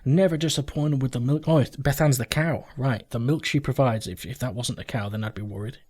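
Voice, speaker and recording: A man's voice: mid-range voice, brisk, a little mellow, slightly rough. A man hosting a let's play from home, rambling through game commentary, joking and swearing casually as he goes.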